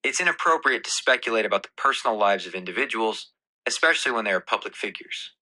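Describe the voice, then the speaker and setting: A man's voice: on the low side, fast, rough recording. A man's synthetic assistant voice answering in a polite, formal tone. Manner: polite, formal, even-toned.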